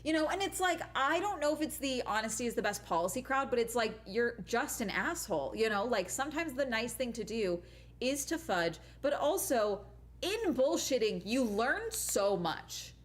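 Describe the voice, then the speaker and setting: A woman's voice: on the high side, lively intonation, normal speed. A young adult woman streamer and teacher chatting casually, rambling and swearing with lots of "like" and "you know", laughing often. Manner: laughs often mid-sentence. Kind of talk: casual chat.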